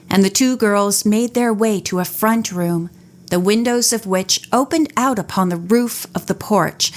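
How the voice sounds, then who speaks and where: Slow, measured woman narrator. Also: mid-range voice. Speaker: audiobook narrator. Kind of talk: audiobook narration.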